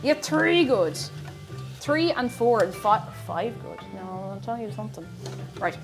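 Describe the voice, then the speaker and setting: Over music, a bubbly Irish woman talks to her livestream viewers as she cooks at home in her kitchen, calling out their names in a chatty way. Her voice sits a little high, with a sing-song lilt and a slightly slow pace.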